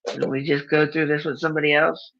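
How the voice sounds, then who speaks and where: A woman's voice: sits low, level tone, quick pace, gravelly, fairly bright tone, lo-fi sound. A woman hosting a casual video chat, talking bluntly, swearing freely and teasing her friend. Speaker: channel host.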